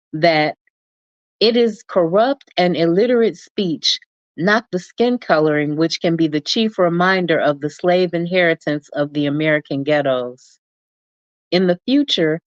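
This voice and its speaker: Woman slowly reading a nonfiction book out loud, kinda low voice, dry dull lo-fi audio. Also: dry recording. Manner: deliberate, measured reading. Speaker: reader.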